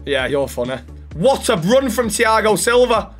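A young man gaming on camera, boastful and loud, shouting and whooping as he trash-talks his opponent. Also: sits high, big pitch swings, measured pace, soft background music. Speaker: gaming YouTuber. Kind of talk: excitable gaming banter.

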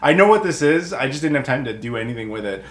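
A rambling American man talks his viewers through newly arrived packages in a casual, loose way. His voice sits at a middle pitch and rings a little in the room around him. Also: animated, quick pace, a bit bright, echoey room. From United States. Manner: chatty and rambling, with many fillers. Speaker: video game collector YouTuber. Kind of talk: casual unboxing talk to camera.

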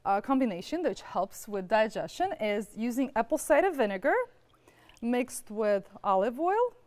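Dietitian woman explaining a recipe, high voice. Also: big pitch swings, moderate pace, darkish tone. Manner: explanatory, instructive. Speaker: dietitian guest. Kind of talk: cooking demonstration.

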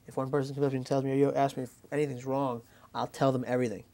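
A man quietly telling his own story as an interviewee. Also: medium pitch, flat delivery, very fast. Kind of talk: personal testimony.

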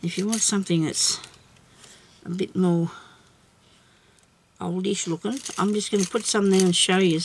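A woman hosting a casual craft tutorial, chatting and thinking aloud as she works, with soft laughs to herself. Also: lowish voice, fairly even intonation, normal speed, long pauses, a little hiss or hum. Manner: rambling, chatty, thinks aloud while working.

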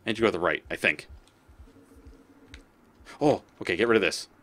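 A man's voice: sits low, fairly quick, a bit bright. A man giving casual gameplay commentary as a let's play host; he swears often and talks back at the creatures on screen.

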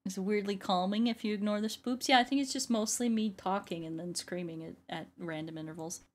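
A woman's voice: mid-range voice, fairly quick. Chatty woman narrating her gameplay. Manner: chatty, repeats phrases, laughs often. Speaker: YouTuber and ASMR artist. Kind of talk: casual gameplay commentary.

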